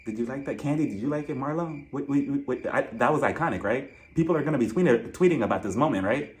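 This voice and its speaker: A man hosting a casual, gossipy recap vlog of a reality show, animated and quick to laugh. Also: medium pitch. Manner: animated and gossipy, laughs often, slips into voices.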